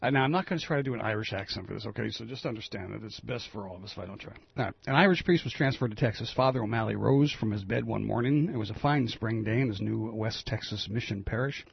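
A man's voice: on the low side, fast talker, vocal fry, few pauses, breathy edge. A man hosting a radio talk show, chatting loosely and telling a joke with a self-deprecating manner on a dull, lo-fi broadcast.

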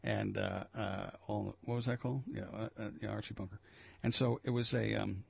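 A man's voice: lowish voice, steady tone, moderate pace, gravelly, husky, no room sound, highs cut off. A man hosting a talk radio show, reading news items and riffing on them in a rambling, opinionated way. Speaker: local radio host. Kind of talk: casual talk radio commentary.

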